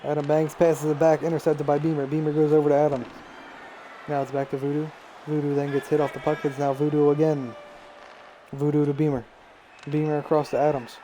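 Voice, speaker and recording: A man's voice: a little high, a little hiss or hum. Man calling video game hockey play-by-play. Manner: rapid play-by-play, rising excitedly on shots and goals. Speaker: play-by-play commentator. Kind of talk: live-streamed video game hockey commentary.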